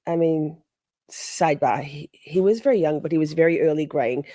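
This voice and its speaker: A middle-aged woman tells a story on a live stream, chatty and animated, stopping to greet viewers. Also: low voice, normal speed, dry recording, clean studio sound.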